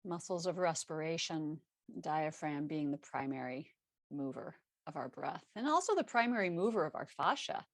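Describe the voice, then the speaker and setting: A woman teaching a live online yoga class, giving calm, steady cues over a video call. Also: low-pitched, normal speed, dry recording. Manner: calm cueing with self-correcting laughs.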